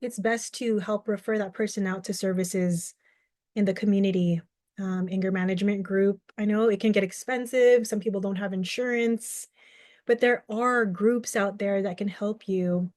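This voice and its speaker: A young adult woman, a mental health advocate, delivers earnest and reflective video commentary, using everyday examples and acting out short quoted exchanges. Her voice sits at a medium pitch with a darkish tone, fairly even intonation and a moderate pace, recorded in a clean studio without room sound.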